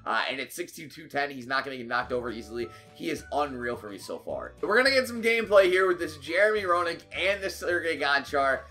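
A young man commentating his own hockey video game match, getting excitable and frustrated at the game. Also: a little high, fast, few pauses, faint music behind. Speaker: gaming YouTuber. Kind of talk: live gameplay commentary.

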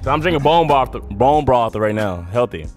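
A man's voice: medium pitch, animated, moderate pace, soft background music. A man chatting casually in a sneaker store, hyped and slangy, offering sayings as wisdom. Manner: hype, slangy, drops wisdom lines. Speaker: guest in the shop. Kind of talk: casual chat.

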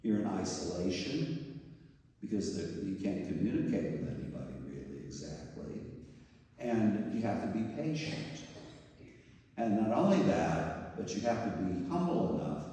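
A man's voice: on the low side, very animated, measured pace, a little mellow. An older man, a priest, giving a mission sermon full of anecdotes and playful imitations of voices. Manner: storytelling, mimics voices and groans for humor. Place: large church. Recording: echoey church hall from far off.

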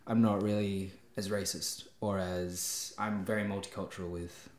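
Low-voiced young Australian man, echoey room. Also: flat delivery, normal speed. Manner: soft-spoken, short answers with many "mm" and "yeah". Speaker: guest. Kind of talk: casual interview chat.

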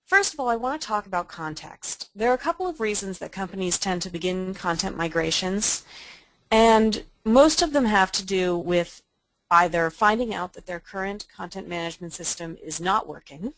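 A woman's voice: medium pitch, expressive, moderate pace, no echo, rough recording. A woman giving a webinar presentation in an earnest, enthusiastic way.

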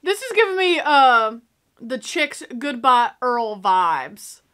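A young woman hosting a movie reaction, in sassy, excitable casual commentary that talks back to the screen. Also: on the high side, takes it slowly, clean tone. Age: young adult.

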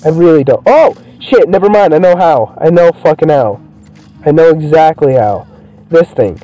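A young man giving profane, excitable commentary while playing a video game. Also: on the high side, normal speed, muffled recording. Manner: profane, excitable, swears constantly. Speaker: gameplay streamer. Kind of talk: let's play commentary.

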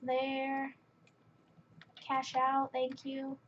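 A woman with a high voice talks her way through a game at an unhurried pace, chatty and easily annoyed. Her voice comes through a dull, lo-fi mic, with faint keyboard clicking behind it. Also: monotone, a bit bright, slight background noise. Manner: chatty, exasperated running commentary. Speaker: gaming channel host. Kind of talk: casual game commentary.

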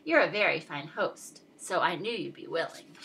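A chirpy, presumptuous little songbird who moves in uninvited in a storybook, as a woman puts him on. His voice is bright, bouncy and full of swoops. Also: fairly low pitch, animated, normal speed, gravelly, slight background noise, pitched below the performer's own voice, exaggerated voice. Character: brash, pushy little male songbird.

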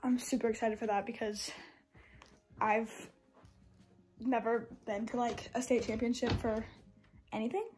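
A woman's voice: on the high side, fairly even intonation, measured pace, long pauses, a little mellow. A teenage girl, chatting in a rambling, filler-heavy way while vlogging into her phone from her car. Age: teens. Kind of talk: casual vlog chat. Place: inside a parked car. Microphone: phone camera.

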